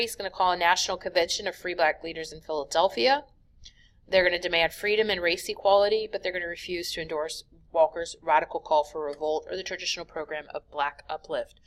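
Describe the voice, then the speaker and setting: Woman, slightly low voice, history teacher, recorded slide lecture, casual, lots of fillers, fixes her own slips. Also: fairly bright tone. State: yawning, sleepy.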